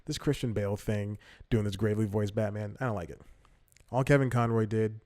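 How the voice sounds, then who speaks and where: A man's voice: on the low side, steady tone, fairly quick, mellow, dry recording. A young man hosting a comedy podcast, rambling through casual commentary, correcting himself and laughing often. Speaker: podcast host.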